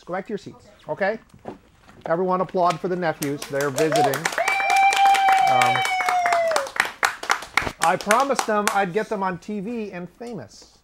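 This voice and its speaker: A man hosts his own comedy show, rambling through a monologue full of offhand, sardonic asides and chuckling at his own jokes. His voice sits high, and the recording is very noisy.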